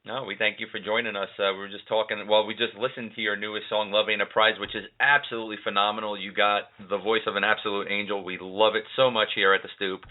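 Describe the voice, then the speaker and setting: A male radio host, enthusiastic and a bit halting, introducing and questioning a guest. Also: fairly low pitch, level tone. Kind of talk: casual radio interview. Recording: lo-fi phone-like sound.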